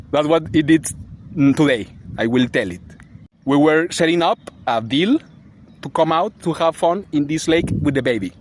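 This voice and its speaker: A man's voice: a little high, animated, a little slow, long pauses, slight background noise. A man giving a rambling, agitated vlog monologue, swearing and laughing bitterly as he rants. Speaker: vlogger.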